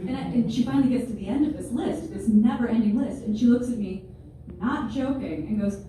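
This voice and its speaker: Self-deprecating woman comic in her twenties on stage, higher-pitched, picked up from far off against room noise. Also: a little fast, warm tone. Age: 20s. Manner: wry, self-deprecating, playful asides. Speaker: stand-up comedian. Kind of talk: stand-up comedy set. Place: large room with a live audience. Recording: very echoey hall, distant, noisy.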